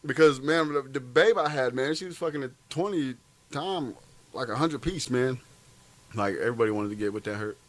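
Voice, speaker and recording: A man's voice: medium pitch, fairly quick, low-quality recording. A man, an army veteran, telling stories in a profane, rambling, laughing way in casual chat.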